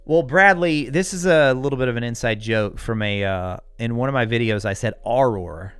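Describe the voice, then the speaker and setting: A man's voice: mid-range voice, a little fast, a bit bright, clear, resonant tone, no echo. An American man hosting a live stream, chatting casually and answering viewers' comments with frequent chuckles. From United States. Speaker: livestream host. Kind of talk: casual live-chat talk.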